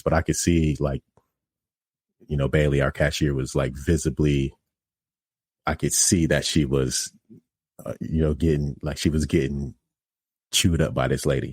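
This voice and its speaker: Very deep-voiced man telling a candid story. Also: flat delivery, a little fast, darkish tone, slightly rough, dry recording, clean studio sound. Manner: candid, self-critical, conversational. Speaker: podcast host and pizza restaurant operator. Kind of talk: casual storytelling monologue.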